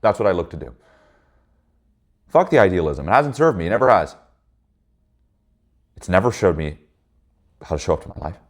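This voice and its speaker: A man's voice: low voice, very animated, moderate pace, pauses often. A man leading a men's group, telling a personal story in a blunt, heated, profane way.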